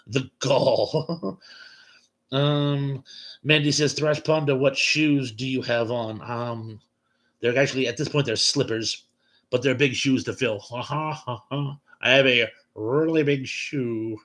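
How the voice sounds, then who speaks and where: A man's voice: medium pitch, a bit bright. A man hosting a late-night livestream chat, reading viewer comments aloud and chuckling at them between replies.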